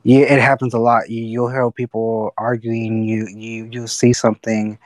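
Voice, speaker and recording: A man's voice: medium pitch, flat delivery, moderate pace, no room sound, low-quality recording. A man telling stories in a casual podcast chat, rambling with restarts and cursing. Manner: rambling, restarts and fillers, profanity.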